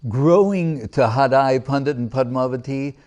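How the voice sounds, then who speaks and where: A man's voice: mid-range voice, normal speed, a little mellow. A man giving a devotional lecture to a live audience as a spiritual teacher, reciting verses, explaining them, and asking rhetorical questions with light humor.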